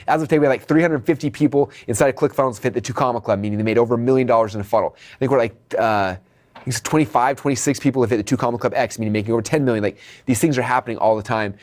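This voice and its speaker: A male coach talks quickly through a video training, his voice sitting in an ordinary middle pitch. He sounds energetic and direct, pushing his viewers to act and asking "okay?" to keep them with him. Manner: addresses viewers as "you guys". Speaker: online business coach.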